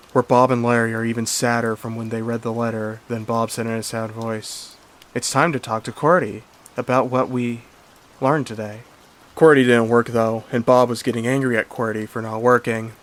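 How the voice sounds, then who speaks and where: A man narrating a horror story in a plain, earnest storytelling manner. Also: mid-range voice. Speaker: creepypasta narrator. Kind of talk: story reading.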